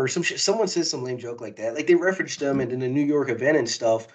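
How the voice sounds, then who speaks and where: A man co-hosting a casual pop-culture podcast, talking excitedly and rambling with frequent laughs. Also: on the high side, fast, hardly any pauses, breathy edge, rough recording. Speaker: podcast co-host. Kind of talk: casual chat.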